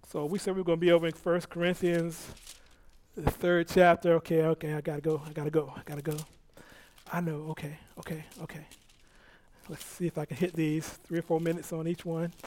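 A man preaching a sermon as pastor, reading scripture aloud and swinging from soft asides to loud bursts. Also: on the high side, fairly even intonation. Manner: reads scripture aloud with halting restarts and laughs.

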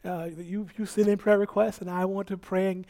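A man preaching a sermon as pastor, reading scripture aloud and swinging from soft asides to loud bursts. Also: high-pitched, flat delivery. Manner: reads scripture aloud with halting restarts and laughs.

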